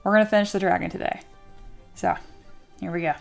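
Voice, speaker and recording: A woman's voice: fairly low pitch, fairly even intonation, a little fast, creaky, soft background music. A woman hosting a casual livestream, chatting with her viewers, reading their comments aloud and cheering them on. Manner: upbeat and encouraging toward viewers. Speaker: livestream host and 3D sculptor.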